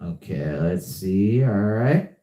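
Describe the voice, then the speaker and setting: A man's voice: low voice, expressive, takes it slowly, warm tone, reverberant. A young man hosting a live podcast, chatting casually and often repeating himself. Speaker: podcast host. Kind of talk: casual live-stream chat.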